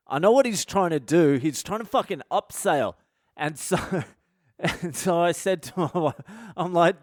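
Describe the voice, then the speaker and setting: Brash Australian comic host, sweary and animated, slightly high voice. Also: male voice, moderate pace, dry recording, studio quality. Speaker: podcast host, comedian. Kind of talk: profane comedic storytelling monologue.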